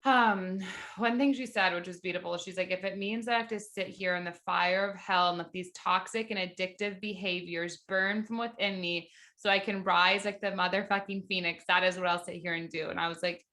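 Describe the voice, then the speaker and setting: Bright, fast-talking woman host. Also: fairly low pitch, fairly even intonation. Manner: enthusiastic, swears freely, fills speech with "like". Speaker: podcast host. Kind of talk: casual conversation.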